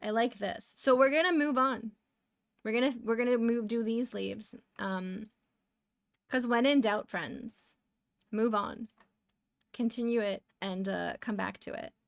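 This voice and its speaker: A woman's voice: on the high side, measured pace, vocal fry, no room sound. Chatty woman streamer, dry close mic. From Canada. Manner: chatty, distracted, bursts of excited exclamations. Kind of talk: casual live-stream chat while drawing.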